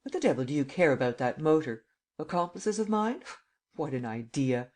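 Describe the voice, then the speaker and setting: Lupin, a cocky gentleman thief, read by a man. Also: fairly high pitch, normal speed. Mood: amused. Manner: teasing, lively, rising to shouts. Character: gentleman thief, male adult, mocking and cocky.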